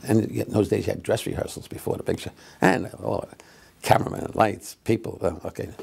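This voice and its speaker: Gravelly, husky man in his eighties. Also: fairly low pitch, steady tone, darkish tone. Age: 80s. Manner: rambling, halting, with many fillers and wry asides. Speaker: comedian reminiscing. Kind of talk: casual anecdotal storytelling.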